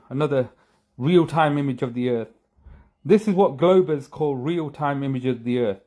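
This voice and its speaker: A man's voice: fairly high pitch, a little mellow. A man hosting a video, giving sarcastic, mocking commentary over images he is showing on screen. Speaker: video host.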